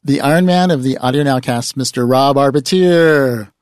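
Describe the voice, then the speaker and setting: A man's voice: medium pitch, normal speed, no echo. A man hosting a podcast in a studio, chatting loosely with his guests and laughing often. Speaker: podcast host. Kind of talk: casual podcast chat.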